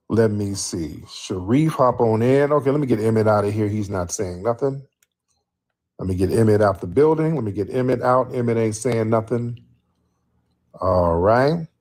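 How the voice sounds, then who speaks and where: A man's voice: fairly low pitch, darkish tone. A man hosting a live stream, talking bluntly and casually to his viewers in the chat.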